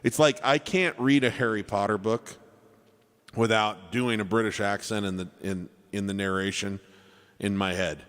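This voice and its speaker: A man's voice: lowish voice, fairly even intonation, normal speed, a bit bright, clean tone, long reverb tail. A man hosting a live piano stream, chatting casually with viewers and greeting them by name. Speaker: livestream piano player and host. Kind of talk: casual chat with livestream viewers. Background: piano playing.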